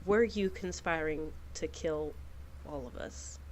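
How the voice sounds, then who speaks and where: Grave, formal questioner, played by a woman going much lower than her own voice, slow and measured. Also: slight background noise.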